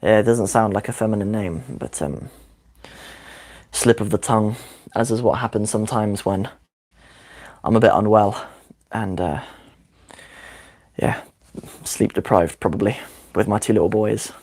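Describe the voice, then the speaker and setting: A man in his thirties with a croaky voice from a cold, giving a chatty, upbeat live-streamed Arabic lesson as the teacher. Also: fairly low pitch, a little mellow. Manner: chatty, upbeat, quick asides. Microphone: desk microphone.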